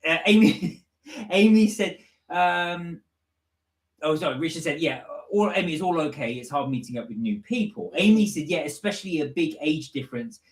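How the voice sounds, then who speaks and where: A man's voice: on the high side, lively intonation, normal speed, reverberant. A man co-hosting a live stream, casually reading out viewer comments and chatting about them. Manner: easygoing, reads out viewer comments. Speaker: co-host reading out live chat. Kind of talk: casual chat.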